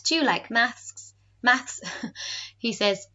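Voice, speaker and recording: A woman teacher talks a class through a recorded lesson. Her voice is bright and forceful, and she explains clearly and patiently. The recording sounds a little dull. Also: a little high, lively intonation, takes it slowly. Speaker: French teacher.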